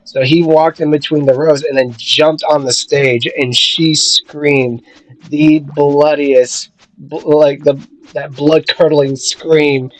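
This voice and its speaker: A man co-hosting a gaming video, chatting casually and telling stories with lively acted-out quotes. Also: a little high, slow pace, rough recording. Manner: lively storyteller, acts out quotes. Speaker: gaming channel co-host. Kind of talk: casual chat while playing a game.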